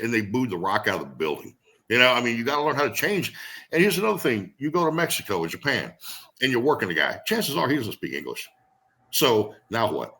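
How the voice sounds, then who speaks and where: A middle-aged veteran pro wrestler tells stories in a casual interview, animated and profane, imitating the people he quotes. His voice is medium-pitched.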